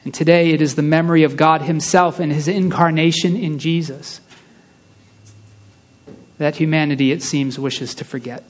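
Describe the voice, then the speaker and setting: A man preaching a sermon, reading a story aloud with slow, hushed emphasis on key lines. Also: on the high side, steady tone.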